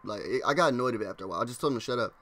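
Talking to his vlog viewers, a young man rambles through a story in slang, filling it with "like" and acting out classmates with rapid impressions. He has a mid-range voice that sounds pushed and bright.

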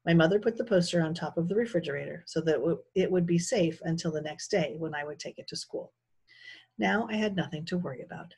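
Husky lady teacher doing a chapter book read aloud, easy steady pace. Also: fairly low pitch. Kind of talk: reading aloud a children's novel.

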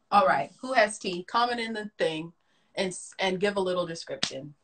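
A woman's voice: lowish voice, lively intonation, a little slow, a bit bright. A woman co-hosting a casual livestream chat, gushing enthusiastically and talking straight to her viewers on a phone mic. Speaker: livestream co-host.

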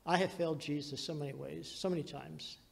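A man preaching a sermon as pastor, telling the story dramatically and swinging between loud and hushed passages. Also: fairly high pitch, steady tone, fairly quick, creaky, big-room sound.

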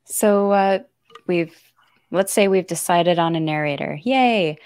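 A woman's voice: fairly low pitch, measured pace, darkish tone, no room sound, studio quality. A woman hosting a podcast, asking guiding questions in a casual, giggly way. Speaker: podcast host.

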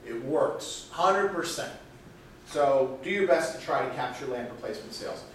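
A man's voice: medium pitch, lively intonation, normal speed, slight background noise. A man running a product sales training session, upbeat and chatty, recorded from a distance in a reverberant room. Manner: upbeat, chatty, laughs between points. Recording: echoey room, mic far off.

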